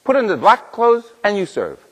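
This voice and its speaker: A man's voice: high voice, wildly swooping pitch, moderate pace, husky, voice pushed up, exaggerated voice. A man playing an older Italian parish priest with an Italian accent, who gives short, firm commands. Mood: insistent. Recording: long church reverb.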